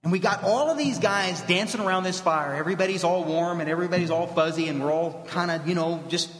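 A man giving a blunt, animated motivational talk to an audience at a recovery fellowship meeting in a meeting hall. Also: high-pitched, fast talker. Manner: animated storytelling, blunt, direct address. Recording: echoey hall reverb.

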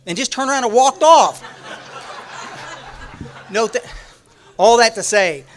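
An older man with a Texan accent, telling rambling, humorous stories to a retreat audience, full of halting restarts and fillers. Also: high-pitched, fairly bright tone. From Texas. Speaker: recovery retreat speaker. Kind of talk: rambling humorous storytelling talk. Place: room at a retreat, talking to a live audience.

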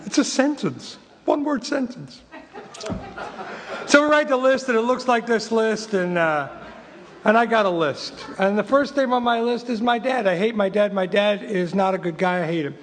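A man's voice: sits high, moderate pace, in a large hall. A man in his fifties, originally from England, giving an emphatic, wryly humorous recovery talk and reading from a book. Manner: emphatic and repetitive, wry humor. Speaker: recovery meeting speaker.

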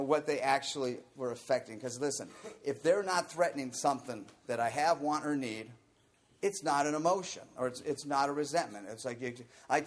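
A man giving a candid, conversational talk to a group about recovery program steps, often saying "you know". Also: mid-range voice.

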